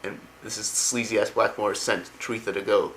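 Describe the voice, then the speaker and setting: Rambling young man, bright forceful voice. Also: fairly low pitch, little pitch movement, normal speed, a little hiss or hum, rough recording. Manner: rambling, enthusiastic, slangy. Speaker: lore explainer. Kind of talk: casual spoken retelling.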